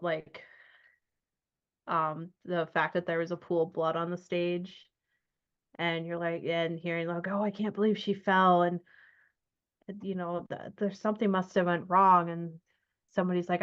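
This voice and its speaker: A woman's voice: on the low side, fairly bright tone. Woman, game master, casual narration full of ums and likes, muffled lo-fi audio. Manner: loose and chatty, with many ums and likes. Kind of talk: narrating a tabletop horror game. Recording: dull lo-fi sound.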